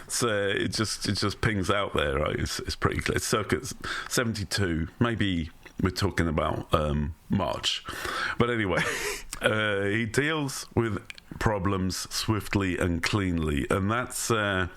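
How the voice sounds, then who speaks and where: A man's voice: low voice, a little slow, fairly bright tone. A man co-hosting a comedy podcast, chatting casually with lots of ums, restarts and chuckles. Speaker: podcast co-host.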